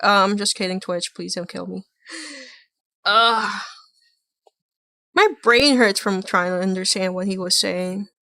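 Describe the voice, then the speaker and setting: A woman's voice: medium pitch, steady tone, takes it slowly, pauses often, bright, forceful tone, no echo. A woman streaming, reacting to videos with casual commentary and joking, laughing asides.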